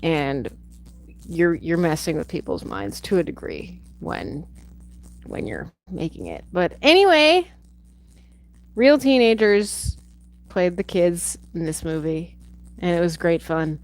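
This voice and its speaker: A woman's voice: sits low, unhurried, darkish tone, poor audio. A woman hosting a livestream from home, chatting casually and rambling off on tangents, swearing now and then. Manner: rambling, digressive, swears freely. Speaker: livestream host reviewing a film. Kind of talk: casual chat.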